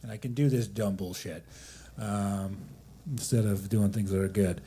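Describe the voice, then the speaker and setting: A man's voice: on the low side, fairly even intonation, warm tone, a little hiss or hum. Rambling man doing open mic comedy. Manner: rambling, self-deprecating, halting with restarts. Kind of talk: stand-up comedy set. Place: coffee shop open mic.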